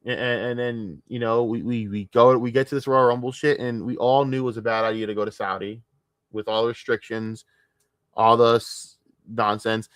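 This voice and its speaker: A man from the United States ranting on a casual livestream, tired and frustrated, swearing freely and restarting his sentences. His voice sits in an ordinary middle pitch, close and dry on a desk mic with no room sound. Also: level tone, moderate pace, fairly bright tone, clean tone, dry recording. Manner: frustrated, profane, rambling with repeated restarts. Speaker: streamer.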